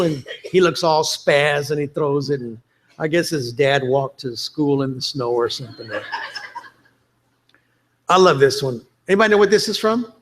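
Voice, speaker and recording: A conference speaker with a medium-pitched voice gives a chatty, joking presentation, quoting movie lines for laughs. There is slight background noise.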